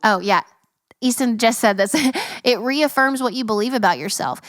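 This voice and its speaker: Young woman, podcast host, heartfelt faith talk, earnest and emphatic, fairly high voice, dry close sound. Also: moderate pace, a bit bright, dry recording.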